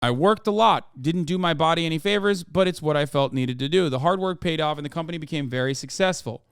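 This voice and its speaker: Streamer doing an Icelandic-accented letter reader. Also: male voice, a little high, fast talker, smooth, no echo, clean studio sound, natural voice. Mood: earnest. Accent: put-on Icelandic. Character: man reading his own open letter in Icelandic accent.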